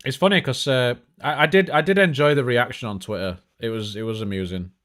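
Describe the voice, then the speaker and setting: A man's voice: mid-range voice, fairly quick, a bit bright. Male tech streamer, chatty and jokey, mid-range voice, loose unscripted delivery. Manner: chatty, joking, lots of fillers and restarts. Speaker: tech show host. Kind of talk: casual live-stream chat.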